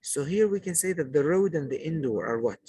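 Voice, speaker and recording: A man's voice: fairly high pitch, expressive, mellow, breathy edge, low-quality recording. A man teaching a poetry lesson to a class, asking questions and praising the answers, and repeating key points. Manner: slow, repetitive teaching delivery.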